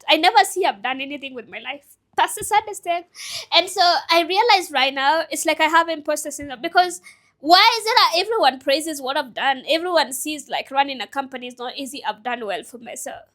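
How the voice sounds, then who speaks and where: A young woman in her twenties speaks in a high, bright voice. She rambles through an emotional, self-reflective personal vlog, as if thinking aloud to the camera. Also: lively intonation, a little fast. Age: 20s. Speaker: vlogger and business owner.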